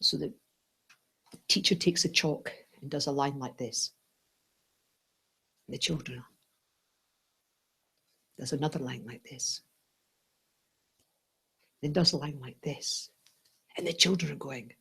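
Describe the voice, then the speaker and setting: A woman teaching a Buddhist class, playful and animated, often checking in with "right?" and "yes?". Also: low-pitched, measured pace, gravelly, long pauses, breathy edge.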